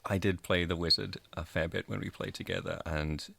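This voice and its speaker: A man's voice: sits low, fairly even intonation, a little fast, creaky, fairly bright tone, slightly rough, no room sound. A man co-hosting a radio podcast in a studio, explaining game mechanics in detail with enthusiasm. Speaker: podcast co-host. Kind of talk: casual game review chat.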